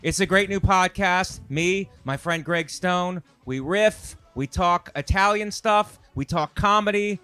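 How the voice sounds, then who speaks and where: Male co-host, bright forceful voice, dry close sound, teasing comic banter. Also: sits high, smooth, no echo, faint music behind. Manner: teasing, playful, quick to laugh. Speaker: podcast co-host. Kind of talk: casual comedy banter.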